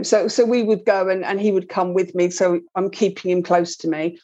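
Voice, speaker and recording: A woman's voice: on the low side, level tone, moderate pace, hardly any pauses, dark tone. Woman, parenting guest, earnest, self-correcting, muffled lo-fi audio. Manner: earnest, repeats words while explaining. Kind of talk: explaining in a conversation. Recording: dull lo-fi sound.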